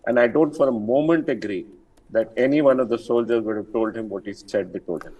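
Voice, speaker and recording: A man's voice: mid-range voice, a little fast, mellow. An older man, an army general speaking as an interview guest, firm and emphatic with many fillers and restarts. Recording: distant from the mic.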